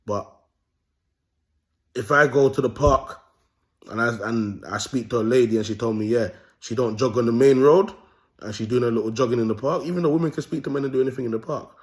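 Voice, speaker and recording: Speaking briskly at a medium pitch, the host is a young London-accented man fronting his own video. His commentary is a comic rant, loaded with swearing and punctuated by laughter at his own jokes.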